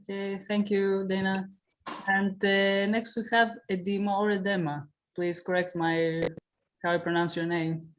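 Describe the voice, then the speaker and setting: A woman hosting a casual online video-call meeting, introducing participants in an informal, steady way with frequent fillers. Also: medium pitch, a little slow. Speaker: meeting host.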